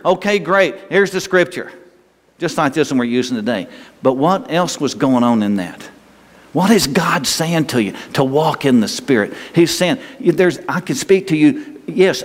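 A man preaching a sermon as a pastor, folksy and rambling, with restarts and small chuckles. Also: a little high. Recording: long hall reverb.

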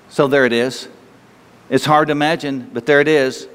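A man preaching a conversational sermon, slightly hoarse with an itchy throat, asking his listeners questions in a folksy way. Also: mid-range voice, fairly even intonation, normal speed, fairly bright tone. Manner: folksy, asks the listeners questions, laughs easily. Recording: long hall reverb.

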